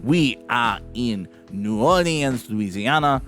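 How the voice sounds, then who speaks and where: Slow-talking jokey gaming host, a man. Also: medium pitch, animated, faint music behind. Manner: rambling, jokey, swears in mock outrage. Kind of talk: casual let's-play commentary.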